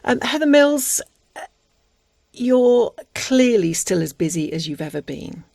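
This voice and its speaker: A woman hosting an interview, asking measured, reflective questions. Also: fairly high pitch, very animated, creaky, darkish tone, dry recording, studio quality. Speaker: interviewer, host. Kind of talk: interview conversation.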